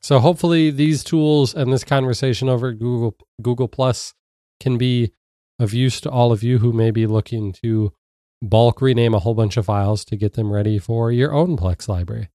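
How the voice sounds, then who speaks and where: A man hosting and producing a tech podcast, a little nasal from a cold, chatty and quick to laugh. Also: mid-range voice, dark tone, dry recording, studio quality. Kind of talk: casual podcast chat.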